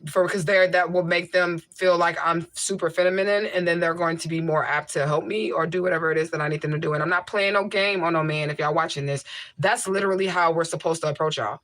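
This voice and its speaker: A woman's voice: on the low side, fairly even intonation, quick pace, a bit bright, no room sound. A woman hosting a casual livestream, blunt and repetitive for emphasis, answering viewer comments into a mic with a homemade tissue filter. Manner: blunt, repeats herself for emphasis. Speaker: livestream host.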